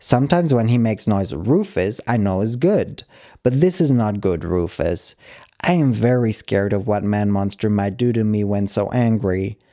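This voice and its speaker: A man calmly reading a short story aloud, narrating in the plain, halting voice of a dog. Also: lowish voice. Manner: calm, measured reading of a dog's broken-English narration. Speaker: story reader.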